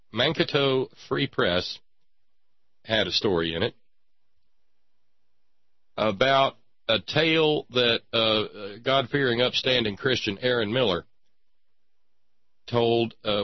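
A man's voice: mid-range voice, takes it slowly, long pauses, no room sound, dull audio. A man hosting a satirical talk show, delivering a mock-preacher monologue in a folksy, sarcastic drawl.

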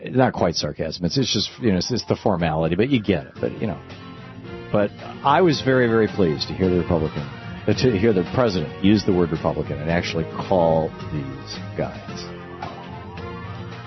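A man hosting a radio talk show, giving animated, conversational commentary with frequent restarts from a broadcast studio. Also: sits low, moderate pace, over music. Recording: dull, dry studio broadcast.

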